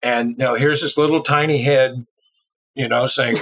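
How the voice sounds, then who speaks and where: A man's voice: medium pitch, moderate pace, low-quality recording. Middle-aged drummer guy from illinois, chatty storyteller, plain mid voice. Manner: lively storyteller who acts out quoted voices. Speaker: interview guest, drummer. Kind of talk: casual anecdote telling.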